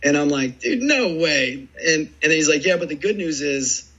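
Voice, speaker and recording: A man in his forties, a former baseball player, telling rambling, animated stories in a casual interview. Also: a little high, fairly quick, lo-fi sound. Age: 40s. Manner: rambling, animated storytelling full of "dude" and "man".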